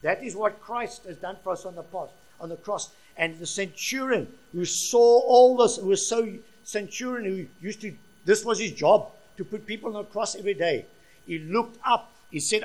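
A man preaching a sermon with passion, his voice rising to loud peaks and dropping to quiet, earnest stretches. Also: sits high, animated, moderate pace. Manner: impassioned, swings from soft to loud.

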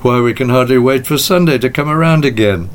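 A man preaching a sermon as pastor, with measured delivery and slowed, emphatic phrases. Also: mid-range voice.

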